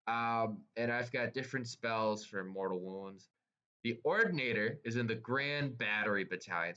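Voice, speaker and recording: A man's voice: on the low side, measured pace, bright, forceful tone, muffled recording. An enthusiastic man teaching tabletop wargame list building, tripping over his words as he explains, followed by a camera operator. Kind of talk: excited casual explanation. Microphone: camera held by helper, moving about.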